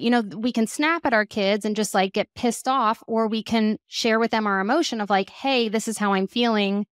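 A mother of two, a guest expert on children's emotions, talking casually in an interview with a lively, chatty manner and lots of "like". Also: fairly high pitch, normal speed, hardly any pauses, smooth, no room sound, studio quality. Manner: animated, acts out quoted voices, frequent "like". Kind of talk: conversational podcast interview.

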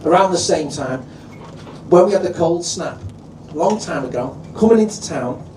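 A man with a Liverpool accent compering a comedy night, loud and animated, swearing freely and acting out other people's voices. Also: a little high, moderate pace, slight background noise. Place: comedy venue. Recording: echoey venue, recorded from a distance.

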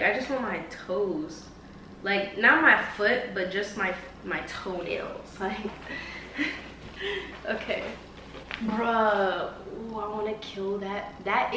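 A woman's voice: mid-range voice, pushed and bright, far from the mic, a little hiss or hum. A young woman, talking casually and directly to her viewers in a home vlog. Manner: chatty, bubbly, talks straight to viewers. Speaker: vlogger. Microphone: phone on tripod. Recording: roomy home audio from a bit off-mic.

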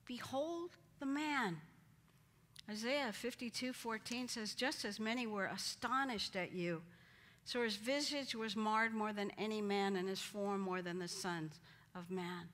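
A woman's voice: mid-range voice, a bit bright. A woman teaching a Bible study, acting out the quoted lines with dramatic emphasis. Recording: hall reverb.

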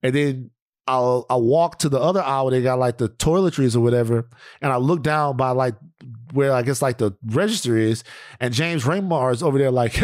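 Profane, rambling podcast host. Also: male voice, medium pitch, fairly quick, darkish tone, no room sound, clean studio sound. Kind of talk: casual podcast chat.

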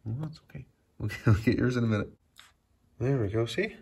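A man's voice: medium pitch, fairly quick, gravelly, darkish tone, breathy edge. A man filming a casual vlog at home, talking to his cats in coaxing baby talk and often dropping to a whisper. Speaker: cat owner filming his pets. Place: home by a sliding door.

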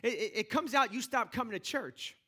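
A man's voice: extremely high pitch, animated, fairly quick, sharp tone. A man preaching a sermon as pastor in a church, talking conversationally with lots of restarts and rising energy. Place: church sanctuary.

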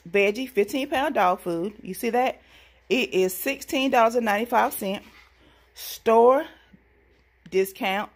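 A woman chatting casually and excitably to her viewers about her coupon deals. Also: mid-range voice. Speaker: couponing vlogger. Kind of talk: casual deal-hunting vlog.

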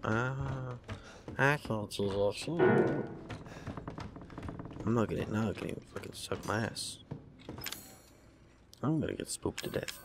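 A young man with a sick, raspy voice, cursing and reacting jumpily while playing a horror game. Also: fairly low pitch, takes it slowly, long pauses, noisy background. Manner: profane, jumpy, talks to himself. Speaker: gaming let's-player.

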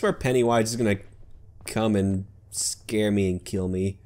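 Here the host's voice sits fairly low, steady and a little mellow, at a measured pace, and the recording carries a slight hiss or hum. It's let's play commentary on a horror game, full of sarcastic humor, retorts to the characters, and startled yelps and curses.

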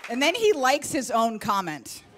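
Woman stand-up comic, high voice, animated exasperated storytelling, TV studio stage. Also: a little slow, a loud crowd, heavy background noise. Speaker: stand-up comedian. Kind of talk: stand-up comedy set. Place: late-night TV studio stage.

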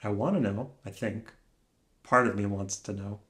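A man musing aloud alone in a room, soft-spoken and searching, speaking in halting phrases that trail off into pauses. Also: on the low side. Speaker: vlogger. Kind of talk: slow reflective musing.

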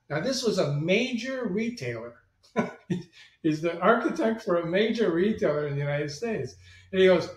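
A man's voice: high-pitched, moderate pace. A middle-aged man, a marketing agency president, telling business anecdotes as an interview guest and acting out the voices in them. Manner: animated, acts out quoted voices. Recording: echoey room, distant mic.

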